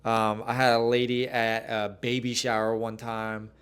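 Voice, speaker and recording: A young man talking through a solo podcast episode, loose and rambling. He leans on "like" and restarts constantly, swearing now and then in a candid, unfiltered way. His voice sits at an ordinary middle pitch for a man. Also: little pitch movement, a little slow, a bit bright, smooth. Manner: rambling, frequent "like" fillers, candid and profane. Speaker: podcast host. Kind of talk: casual solo podcast monologue.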